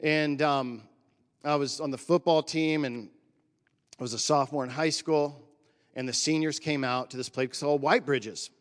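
A man's voice: on the high side, fairly even intonation, moderate pace, big-room sound. A man in his forties from Northern California telling a personal story as a pastor's sermon, in a conversational, emotional way with surfer slang. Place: church.

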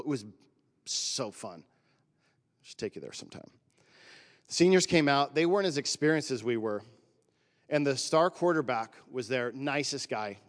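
A man's voice: mid-range voice, long reverb tail. A man in his forties from Northern California telling a personal story as a pastor's sermon, in a conversational, emotional way with surfer slang. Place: church.

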